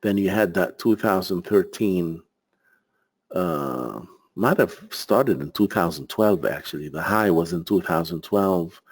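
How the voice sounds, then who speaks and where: Male market analyst, deep and unhurried, rambling through live viewer questions. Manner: rambling, searches for words, answers viewer questions. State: tired, out of breath.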